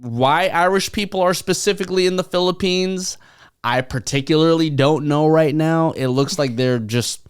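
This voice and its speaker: A man's voice: fairly high pitch, normal speed, smooth, no room sound, studio quality. A man co-hosting a casual podcast, talking loosely with frequent laughs and casual swearing. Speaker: podcast co-host.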